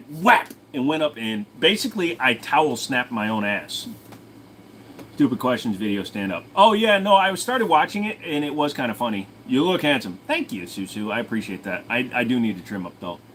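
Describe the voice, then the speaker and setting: A man's voice: fairly high pitch, fairly bright tone, slight background noise. A man hosting his own channel, answering viewer questions in a rambling, crude, joking way. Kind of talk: casual livestream Q&A chat.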